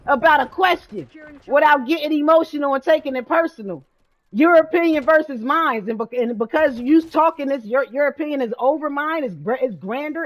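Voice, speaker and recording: A woman gaming streamer rants in a blunt, repetitive way and swears freely while she plays. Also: high voice. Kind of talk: heated ranting while gaming. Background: video game gunfire.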